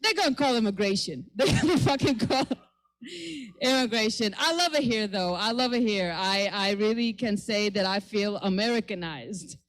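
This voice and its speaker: A woman from the Middle East delivers a stand-up set, brash and profane. She tosses out quick punchlines with an even, everyday pitch. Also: rough recording. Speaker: stand-up comedian. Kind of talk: stand-up routine.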